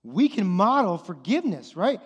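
A man's voice: high-pitched, big pitch swings, normal speed, husky. A man in his thirties preaching a sermon to parents, casual and conversational, often repeating his phrases. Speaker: pastor. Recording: long hall reverb with loud music underneath.

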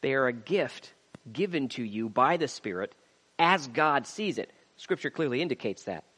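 A man's voice: medium pitch, lively intonation, normal speed, a bit bright, slightly rough, in a large hall. A man preaching a sermon, reading scripture aloud and building emphasis as he goes. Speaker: pastor.

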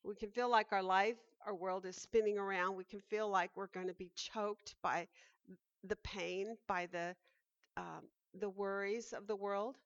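A woman's voice: medium pitch, steady tone, measured pace, no echo. A woman teaching a Bible study lesson, earnest and thoughtful, reading a story aloud and reflecting on it, in a dull, dry recording.

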